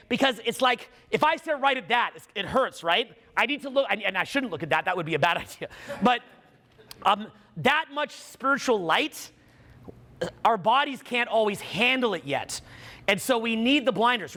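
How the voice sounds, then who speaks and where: A young man speaks to a live seminar crowd in a high, very bright voice that swings widely in pitch. He talks with a preachy energy, acts out little voices and shouts for emphasis. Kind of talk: live motivational talk to a room.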